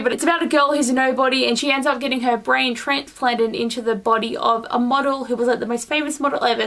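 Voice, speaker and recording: A young adult woman vlogging a monthly reading wrap-up in a gushing, excitable way, full of "like" fillers. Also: high-pitched. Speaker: book vlogger.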